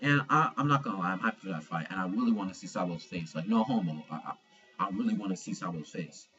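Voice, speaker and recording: A man's voice: sits low, quick pace, highs cut off, soft background music. Slangy young man reviewing manga. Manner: slangy and profane, animated retelling. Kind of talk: casual video review.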